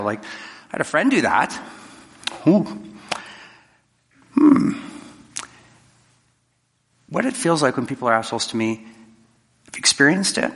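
A man's voice: mid-range voice, a bit bright, in a large hall. A man giving a conversational, jokey talk to a live audience, acting out quoted exchanges. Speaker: public speaker.

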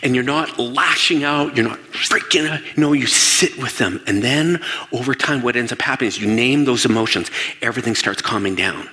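A man speaks to an audience with energy and a bright, forceful tone. He fires questions at the room and slips into quoted voices to act them out. His voice rings with the long reverb of a large hall. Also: mid-range voice, moderate pace. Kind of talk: lively stage talk.

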